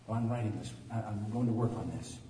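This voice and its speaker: A pastor in his sixties preaching an animated sermon that swings from quiet talk to loud preaching, recorded in a church. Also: fairly low pitch, fast, noisy background. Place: church sanctuary. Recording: echoey hall from far off.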